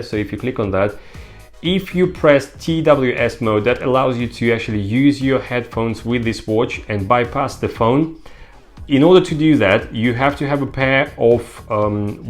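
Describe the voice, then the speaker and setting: A man walks through a gadget's features in a casual product demo, pausing often on "uh" and "um". His voice sits at an average pitch, and faint music plays underneath. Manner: explains step by step, many fillers like uh and um. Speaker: tech reviewer.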